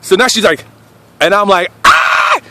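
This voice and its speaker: Man, young adult, vlogger, casual rambling storytelling, crude, animated, bright tone. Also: medium pitch, normal speed, a little hiss or hum. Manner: crude, rambling, trailing off quietly.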